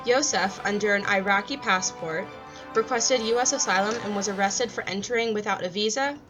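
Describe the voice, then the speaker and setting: A young woman anchoring a homemade news report, reading a script steadily and slowing carefully over names. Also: mid-range voice, music in the background, rough recording. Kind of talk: read mock news broadcast.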